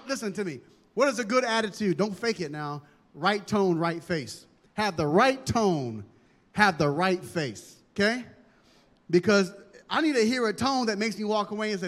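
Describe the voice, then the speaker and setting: Man, pastor, high voice, animated humorous sermon, long hall reverb. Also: normal speed. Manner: animated, humorous, dramatic preaching.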